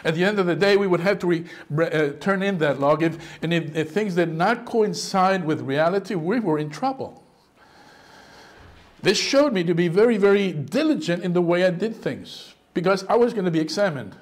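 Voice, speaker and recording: A man with a high voice preaches a sermon from the pulpit. He is animated, sliding into quoted voices and exclaiming as he makes his points. He sounds middle-aged. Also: moderate pace. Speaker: pastor.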